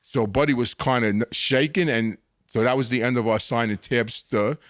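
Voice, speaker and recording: An older man spins his stories in a lively, animated way, jumping in pitch when he acts out what people said. His voice is close and dry, with no room sound around it. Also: moderate pace, no room sound. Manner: animated storyteller acting out quotes, frequent restarts. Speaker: guest. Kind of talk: storytelling interview.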